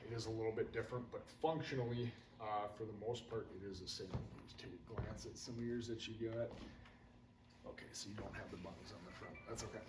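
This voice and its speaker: A man giving casual, hands-on radio training to firefighters, folksy and drifting into stories. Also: mid-range voice. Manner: casual, folksy, wanders into anecdotes. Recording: roomy, distant, faint room hum.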